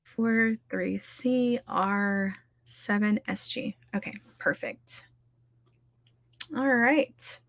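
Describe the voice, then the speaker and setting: A woman's voice: a little high, fairly even intonation, takes it slowly, dry recording. A woman hosting a casual livestream, chatty and scattered, laughing often as she talks. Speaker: livestream host running writing sprints. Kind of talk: casual chat to a live audience.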